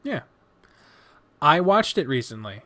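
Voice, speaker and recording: Man, slightly high voice, podcast co-host, profane, emphatic, casual chat. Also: very animated, measured pace, bright, forceful tone. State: tired.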